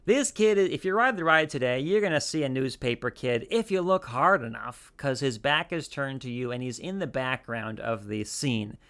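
A man's voice: mid-range voice, moderate pace, few pauses, fairly bright tone. A man hosting a podcast, talking in a casual, rambling way with lots of restarts and asides. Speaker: podcast host.

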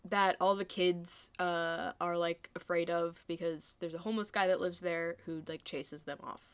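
A woman's voice: on the low side, steady tone, moderate pace, smooth, no room sound. A woman co-hosting a casual podcast about a book, talking hesitantly with many fillers and laughing often. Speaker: podcast co-host.

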